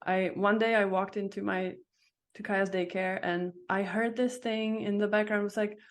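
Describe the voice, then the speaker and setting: A woman's voice: medium pitch, steady tone, normal speed. A woman in her thirties, a podcast guest, telling her story in a reflective, searching way. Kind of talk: casual interview chat.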